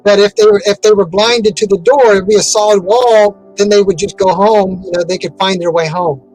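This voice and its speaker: A man's voice: high voice, fairly even intonation, fairly quick, darkish tone, soft background music, poor audio. A man giving an interview in a casual, rambling way, with many fillers and restarts. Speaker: interview guest.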